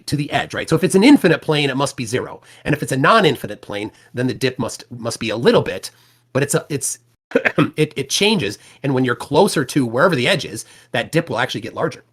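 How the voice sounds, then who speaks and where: A man hosting a livestream, talking in a casual, halting way with many restarts and fillers. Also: medium pitch, fairly bright tone, breathy edge. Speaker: livestream host.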